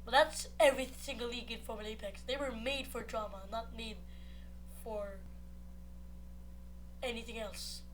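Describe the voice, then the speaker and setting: A woman commentating on a racing league, muttering asides between shouted, excited play-by-play. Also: a little high, moderate pace, pauses often, slight background noise. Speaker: race commentator.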